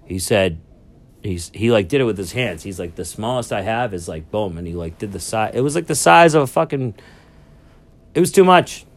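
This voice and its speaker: Speaking from a cruise ship cabin, a man with a fairly low, expressive voice tells a solo podcast story at normal speed. He rambles casually, swears freely and gets sidetracked, while public announcements sound in the background.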